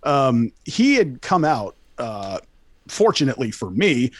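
A man's voice: mid-range voice, sing-song, measured pace, no echo. Young male host, casual story, swears a lot, very dry close sound. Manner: rambling, profane, lots of fillers and restarts.

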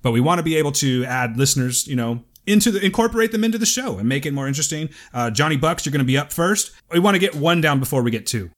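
A man's voice: fairly high pitch, expressive, quick pace, few pauses. Chatty man hosting a podcast. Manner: chatty, teasing, reads listener emails aloud. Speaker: podcast host. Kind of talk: casual chat.

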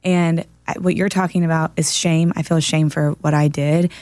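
A woman's voice: low voice, flat delivery, normal speed, a little mellow, no room sound. A woman co-hosting a podcast, telling a story in an earnest, emphatic way over a close studio mic. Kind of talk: casual podcast conversation.

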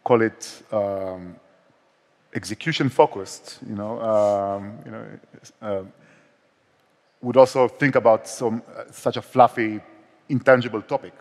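A man's voice: lowish voice, steady tone, a little slow, long pauses, darkish tone. A man with an Israeli accent, a startup founder speaking candidly on a conference stage, with frequent restarts. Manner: candid, self-deprecating, many restarts. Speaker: startup co-founder and CEO, guest. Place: conference stage in a large hall. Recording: long hall reverb.

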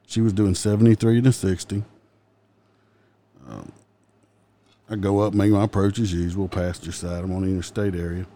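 A man's voice: low-pitched, level tone, moderate pace, long pauses, mellow. A man with a Southern accent, a police officer, telling wry stories from his work in a casual chat and laughing at his own jokes.

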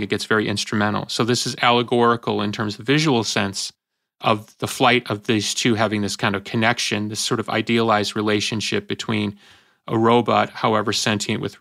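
A man hosting a casual podcast debate, animated and acting out little voices as he tells a story. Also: lowish voice, gravelly, no echo, clean studio sound. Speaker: podcast host.

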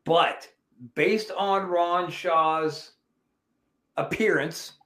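A man with a notably high voice hosts a casual podcast, swearing freely and telling his stories with lively energy. His voice bounces around a roomy, echoey space. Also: extremely slow. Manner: profane, animated storyteller. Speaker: podcast host.

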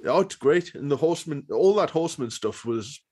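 A man's voice: a little high, lively intonation, a little fast, darkish tone, breathy edge. A man co-hosting a podcast, chatting enthusiastically with lots of fillers. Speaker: podcast co-host. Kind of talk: casual chat.

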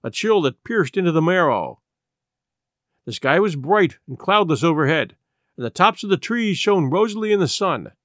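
A man narrating an adventure novel in expressive scripted storytelling. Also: on the high side, moderate pace, no room sound, clean studio sound. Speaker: audiobook narrator.

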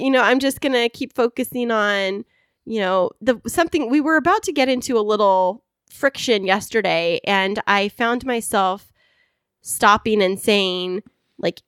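Bubbly young woman, podcast co-host, dry close-miked sound, medium pitch. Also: a bit bright, dry recording. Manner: bubbly, affectionate, laughs often. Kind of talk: casual chat.

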